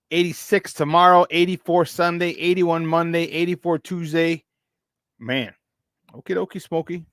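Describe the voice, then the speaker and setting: A man's voice: fairly high pitch, a bit bright, smooth, no echo. A young man hosting a casual morning sports talk show, rambling loosely and slipping into Spanish phrases.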